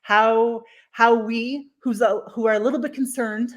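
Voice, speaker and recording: A woman's voice: on the high side, steady tone, unhurried. A middle-aged woman from Canada hosting a casual chat, talkative and self-deprecating, laughing often. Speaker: host.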